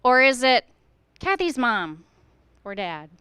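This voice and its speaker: A woman's voice: fairly high pitch, big pitch swings, slow pace, sharp tone, clean tone, dry recording, clean studio sound. A middle-aged woman, a school administrator, speaking earnestly to fellow educators at a staff meeting, firing off rhetorical questions and acting out how teachers should talk to students.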